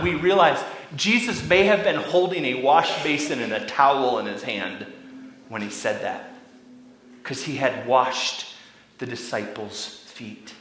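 Young male pastor, animated sermon storyteller, bright lightly raised voice, roomy echo. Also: a little high. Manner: animated storytelling, acting out quoted lines, drops to a whisper.

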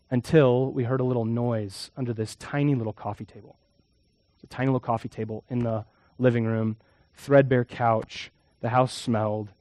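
Pastor preaching, hushed to emphatic. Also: male voice, medium pitch, no room sound. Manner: storytelling, swings from hushed to emphatic. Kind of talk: sermon.

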